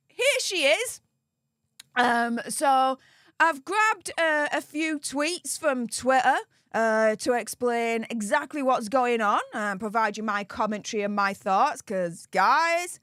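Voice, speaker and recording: A woman's voice: a little high, sharp tone, dry recording, studio quality. A woman hosting a live-stream commentary, chatty and gushing in her thanks to viewers. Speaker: livestream commentary host.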